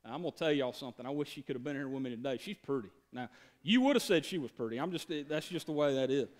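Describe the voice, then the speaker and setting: A man's voice: mid-range voice, expressive, fast talker. A man, preaching a sermon as pastor in a folksy, joking way, often stammering and repeating words. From Georgia, USA. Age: 30s.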